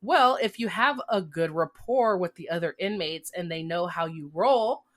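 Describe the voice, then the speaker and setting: A woman's voice: fairly low pitch, lively intonation, moderate pace, fairly bright tone. A young woman co-hosting a podcast who is also a corrections officer, speaking casually, agreeing often and finishing her partner's sentences. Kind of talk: casual conversation.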